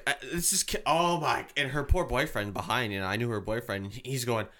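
A man's voice: mid-range voice, fairly quick. A man in casual chat, telling a story with plenty of swearing and acting out the other people's voices. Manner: animated storyteller, swears often, acts out voices. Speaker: haunted attraction worker.

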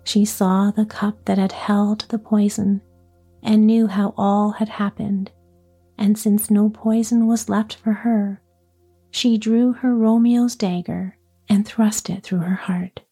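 Soft, slow-reading breathy woman. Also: medium pitch, level tone. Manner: soft, often whispery delivery. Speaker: storyteller. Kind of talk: scripted storybook narration.

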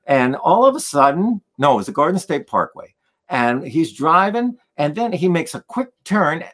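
Animated male storyteller, lively voice. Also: fairly high pitch, normal speed. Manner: animated, acts out the voices of people in his stories. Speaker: guest musician. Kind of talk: storytelling in a conversation.

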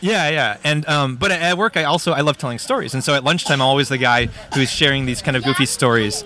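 A man being interviewed who tells stories in an animated, hyperbolic way, full of ums and asides. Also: medium pitch, quick pace. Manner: animated, hyperbolic, chatty with fillers. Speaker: guest, storyteller. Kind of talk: casual interview chat.

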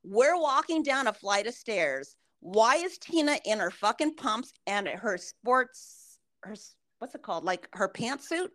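A woman's voice: fairly high pitch, sing-song, a little slow, hardly any pauses, a bit bright, low-quality recording. A woman in her forties co-hosting a podcast, telling a story in casual chat, swearing and laughing often. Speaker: podcast co-host.

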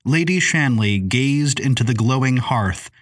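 A man reading a novel aloud as narrator, in a measured, descriptive way. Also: mid-range voice, expressive. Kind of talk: scripted audiobook narration.

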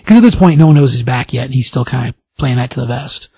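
Husky-voiced man animatedly recapping a comic. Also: medium pitch, fast talker, no room sound. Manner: animated storytelling, briefly acting out quoted lines. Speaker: podcast host. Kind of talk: casual comic book recap.

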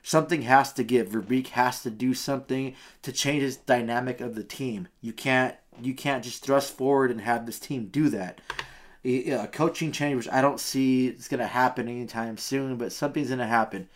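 A man's voice: mid-range voice, steady tone, moderate pace. A man co-hosting a sports podcast, making emphatic, insistent predictions in casual talk. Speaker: podcast co-host, sports writer.

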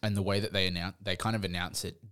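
Low-voiced young man, joking podcast chat. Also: little pitch movement, fast, fairly bright tone, clear, resonant tone. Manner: joking, laughing, acting out quotes. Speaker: podcast co-host. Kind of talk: casual chat.

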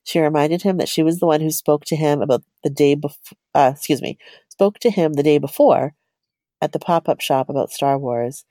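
A woman's voice: low-pitched, normal speed, dark tone, no room sound. A woman co-hosting a podcast, reading a personal story aloud in a chatty, giggly way.

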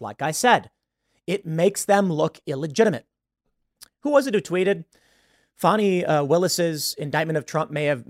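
A man's voice: on the high side, no echo, studio quality. A man hosting a show, giving opinionated solo commentary in an emphatic voice and asking rhetorical questions. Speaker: show host.

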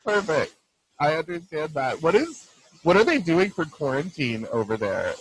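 Giggly host guy, kinda high voice, teasing his guest, bad mic on a zoom call. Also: very animated, moderate pace, slightly rough, dry recording, rough recording. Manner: giggly, teasing, laughs often. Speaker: podcast host. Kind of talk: casual chat. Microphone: poor-quality mic on a video call.

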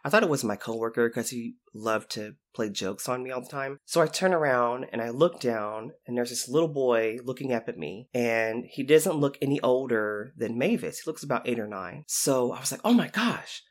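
Animated storytelling man. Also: medium pitch, normal speed, hardly any pauses. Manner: animated, acts out quoted voices. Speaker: guest, former youth intervention specialist. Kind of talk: storytelling anecdote.

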